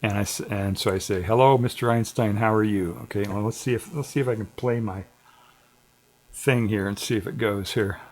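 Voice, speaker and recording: A man's voice: lowish voice, steady tone, fairly quick. A middle-aged man hosting a livestream, chatting in a laid-back, digressive way with frequent chuckles. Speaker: livestream host. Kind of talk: casual rambling livestream chat.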